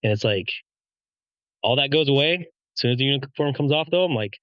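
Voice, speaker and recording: A man, a police officer, talking in a relaxed, self-deprecating way on a podcast. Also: medium pitch, fairly quick, smooth, no room sound, lo-fi sound. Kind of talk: casual podcast chat.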